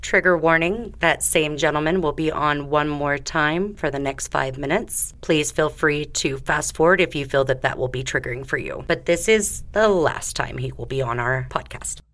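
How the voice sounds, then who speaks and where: Middle-aged woman podcast host, lowish voice. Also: fairly bright tone. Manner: reads verses slowly, tells jokes at length. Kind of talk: casual podcast chat.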